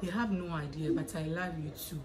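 A woman's voice: low-pitched, fairly even intonation, moderate pace, rough recording. Young woman chatting playfully. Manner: chatty, reads questions aloud then answers playfully. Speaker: YouTuber answering viewer questions. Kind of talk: casual chat.

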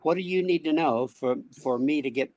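A man being interviewed as a speech technology expert, explaining ideas in a measured, thoughtful way. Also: a little high, a little mellow, no room sound. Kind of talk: casual conversational interview.

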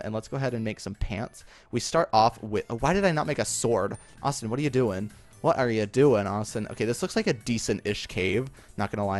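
A young man giving chatty, excitable gameplay commentary, talking to himself and to things in the game, with lots of fillers and repeated exclamations. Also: fairly low pitch. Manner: talks to himself and to game objects, often yelps and repeats "no, no". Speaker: gaming video creator.

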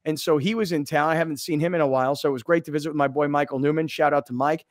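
A man hosting a sports talk radio show, telling a story in an animated, excitable way. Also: fairly high pitch, rapid-fire, no room sound, clean studio sound.

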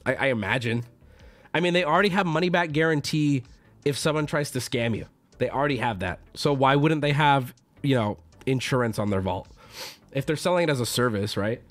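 A man streaming casually and answering his chat, excitable, swearing freely and jumping into loud outbursts. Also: medium pitch, a little fast. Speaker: streamer opening card packs.

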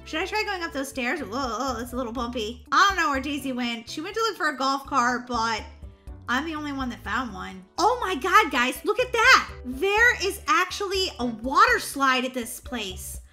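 A woman's voice: sits high, sing-song, moderate pace, pushed and bright, soft background music, full character voice. Woman doing a squealing, bubbly girl. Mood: excited. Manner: squealing, giggly, breathless exclamations. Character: bubbly, excitable young girl on vacation. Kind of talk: roleplay voiceover for a block-game video.

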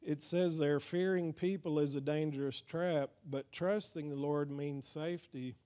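A man's voice: fairly high pitch, fairly even intonation, a little slow, warm tone. A man with a Texas accent giving an evangelism training talk in a church, speaking conversationally and often asking the crowd "amen?". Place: church hall.

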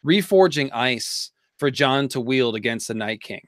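A man's voice: medium pitch, animated, measured pace, a bit bright, no echo. Enthusiastic man theorizing in dry sound. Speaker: co-host of a fan discussion livestream. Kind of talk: casual chat.

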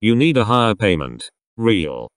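A young man giving casual reaction commentary in a rambling, sarcastic way with quick asides. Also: fairly low pitch, big pitch swings, no echo, studio quality. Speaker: reaction video host.

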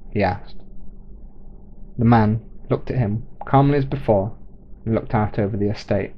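A man reading a short story aloud in a measured, plain way, in a dull lo-fi recording. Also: on the low side, a little hiss or hum. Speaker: narrator.

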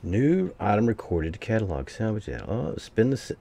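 A man's voice: on the low side, big pitch swings, brisk, gravelly, mellow, a little hiss or hum. A man giving casual gameplay commentary, swearing freely and grumbling to his viewers as he plays. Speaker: gameplay streamer.

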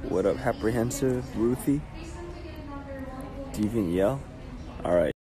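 A man's voice: on the low side, expressive, takes it slowly, a crowd in the background. A man hosting a casual phone livestream, rambling and joking as he greets viewers in a cafe. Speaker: livestream host. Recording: noisy phone livestream audio.

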